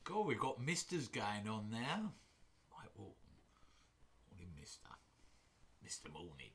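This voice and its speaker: A man's voice: lowish voice, huge pitch swings, measured pace, fairly bright tone. A man hosting a woodturning livestream from his workshop, chatting casually with viewers in a jokey, rambling way. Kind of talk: casual chat greeting live viewers. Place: home workshop.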